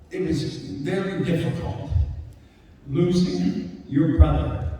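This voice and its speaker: An older man with a dark, medium-pitched voice speaks as a guest on a celebrity convention panel, telling emotional stories during a Q&A. He's gruff and rambling and breaks down near tears. He's recorded from far off in a large, echoey convention hall, with a little hiss or hum.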